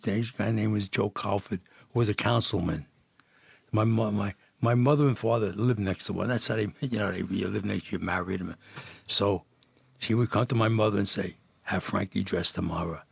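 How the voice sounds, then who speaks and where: A man's voice: lowish voice, gravelly, slightly rough, no room sound. An older man from Jersey City, a podcast guest, telling rambling old neighborhood stories with many restarts and laughs. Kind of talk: storytelling in casual chat.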